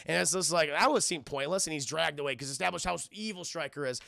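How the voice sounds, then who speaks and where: A sarcastic young man rambles through a spoiler film review for his live chat, swearing freely. His voice sits high and bright, with a heavy gravelly fry, and the sound is dry and close. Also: quick pace, no echo.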